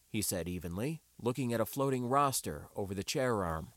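A man narrating an audiobook with a wry, expressive reading. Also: lowish voice, moderate pace, few pauses, no room sound.

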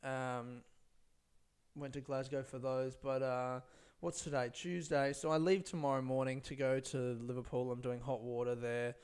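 A man's voice: medium pitch, flat delivery, normal speed, a little mellow, clear, resonant tone. A young man, a stand-up comedian, rambling laid-back through a casual solo podcast on a close microphone, swearing often.

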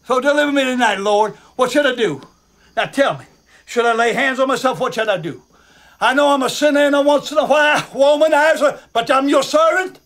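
Desperate praying man in film clip, pleading, very high strained voice. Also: fairly quick. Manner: pleading, raw, shouting then muttering. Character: anguished middle-aged man praying, yelling at God.

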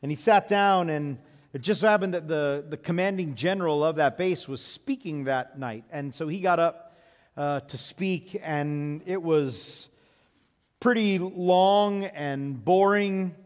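A man's voice: on the high side, measured pace. A man preaching a sermon as pastor, telling stories conversationally with frequent fillers, in a large church sanctuary. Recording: long reverb of a church hall.

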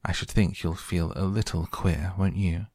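A man's voice: deep voice, fairly even intonation, darkish tone, no room sound, studio quality. Alice, a man reading as a polite young girl. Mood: earnest, polite. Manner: polite, slightly flustered, quickening when anxious.

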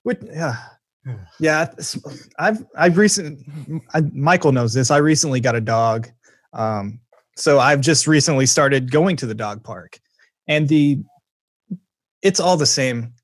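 Husky guy on a podcast, kinda high voice, dry close mic, stumbles and jokes around. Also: lively intonation, measured pace, long pauses, no echo. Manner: joking, stammers and restarts often. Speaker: podcast host. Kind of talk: casual chat.

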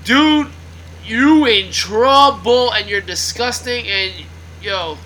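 A man's voice: sits high, takes it slowly, bright, forceful tone, poor audio. A man co-hosting a casual discussion, giving loose slangy commentary.

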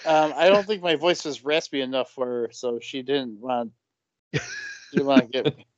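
A man's voice: medium pitch, fairly even intonation, normal speed, no room sound, highs cut off. A man co-hosting a podcast, chatting casually about a movie in a joking, self-mocking way. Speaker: podcast co-host.

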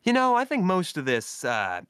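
A dismissive colonist in a tabletop game, put on by a male game master, whose voice is raised above its usual pitch. The colonist scoffs at the cult. The sound is dry and close. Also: wildly swooping pitch, normal speed, a bit bright, clean tone, no room sound, heavily acted. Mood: scoffing.

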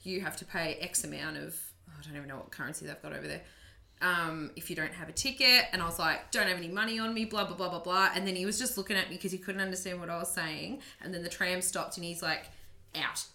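A woman's voice: lowish voice, quick pace, gravelly, pushed and bright. A young Australian woman co-hosting a podcast, telling stories in loose casual chat full of "like" and laughter. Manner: chatty storytelling, heavy use of "like", laughs often. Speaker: podcast co-host.

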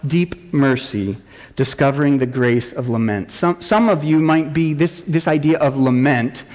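Uomo pastore che predica in una chiesa riverberante. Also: male voice, a little high, a little mellow. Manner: earnest preaching, voices prayers with rising cries. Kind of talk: sermon. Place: church sanctuary. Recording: long church reverb.

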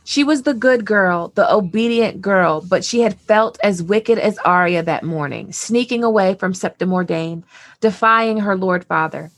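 A woman's voice: medium pitch, animated, a little slow, dry recording. Casting: young woman co-host, casual and profane, dry studio mic. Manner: chatty, profane, many "like"s. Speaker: podcast co-host. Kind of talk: casual book discussion.

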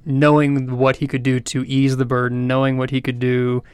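A man with a smooth, clear voice at an ordinary pitch reflects on the characters he likes, often pausing and hedging as he works out his thoughts. The sound is close and dry. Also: monotone, dry recording. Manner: thoughtful, hesitant. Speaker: podcast co-host. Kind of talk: casual book discussion.

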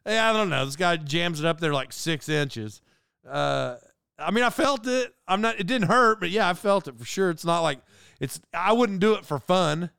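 A middle-aged man hosting a casual solo talk, rambling from one story to the next and poking fun at himself. His fairly high voice swings up and down with lively ups and downs, smooth and clear. The sound is close and dry. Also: fairly quick, no echo. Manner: rambling storyteller, animated and self-mocking. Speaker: podcast host. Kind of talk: casual monologue.

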